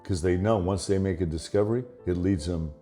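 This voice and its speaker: A man's voice: sits low, a little fast, warm tone, faint music behind. A man telling stories in a casual conversation, laughing often and acting out the voices in his anecdotes.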